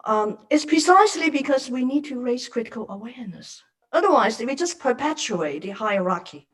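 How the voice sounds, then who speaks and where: A high-pitched woman joins an online seminar discussion as an academic panelist. She speaks earnestly and with open emotion, over a video call. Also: big pitch swings, normal speed, low-quality recording.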